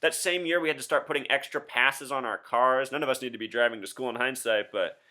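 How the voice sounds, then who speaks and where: A man's voice: medium pitch, quick pace, bright, forceful tone. A man in his thirties hosting a solo commentary video, talking insistently to his viewers with rhetorical questions. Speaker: video host.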